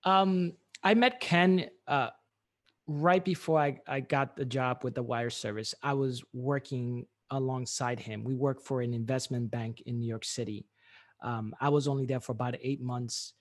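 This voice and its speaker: A man's voice: medium pitch, steady tone, moderate pace. A man being interviewed, telling a story animatedly with many fillers and restarts. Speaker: guest, business owner.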